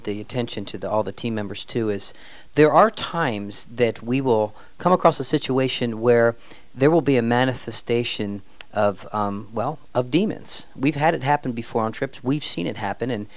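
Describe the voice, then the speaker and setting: A man's voice: medium pitch, moderate pace, no echo. A man teaching a ministry team, reading scripture aloud with dramatic rises in his voice. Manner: reads scripture with dramatic lifts. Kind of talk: preaching-style teaching.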